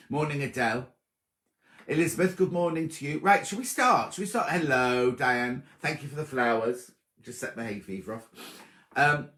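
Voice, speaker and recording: Chatty man hosting a live sewing stream, mid-pitched, teasing, roomy echo. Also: fairly bright tone. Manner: chatty, teasing, greets viewers by name. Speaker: sewing show host. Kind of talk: casual livestream chat.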